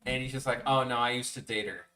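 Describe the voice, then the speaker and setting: This streaming animator, a young man, talks fast in a pushed, bright, medium-pitched voice with fairly even intonation. He chats casually as he draws, rambling through crude stories and mimicking people. There's faint background music, and he's a bit distant from the mic.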